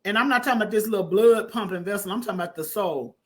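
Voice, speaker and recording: A woman preaching a conversational sermon, calling listeners honey and baby and breaking into loud emphatic bursts. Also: medium pitch, racing. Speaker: prophetess preaching online.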